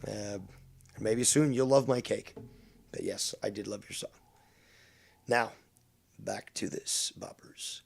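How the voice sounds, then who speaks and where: A male streamer with a low, heavily gravelly voice, full of fry. He talks bluntly and sarcastically and swears freely while defending himself. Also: fairly even intonation, takes it slowly, pauses often. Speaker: streamer and host. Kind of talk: live stream commentary.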